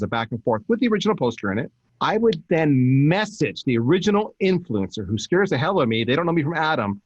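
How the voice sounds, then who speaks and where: A man, a podcast guest, giving emphatic, animated marketing advice in casual talk. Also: mid-range voice, no echo, dull audio. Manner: energetic, emphatic, animated storytelling with restarts.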